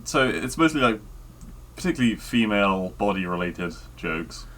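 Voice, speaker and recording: A man co-hosting a casual podcast chat, talking hesitantly with many pauses and fillers. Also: on the low side, very animated, fairly bright tone, slight background noise. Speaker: podcast co-host.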